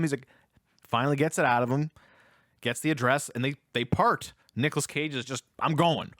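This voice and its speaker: A man chatting through a film review on a podcast, medium-pitched and dry-sounding. He retells scenes with real energy and acts out the characters' lines as he goes. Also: fairly quick, fairly bright tone, dry recording. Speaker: podcast co-host. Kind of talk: casual film review chat.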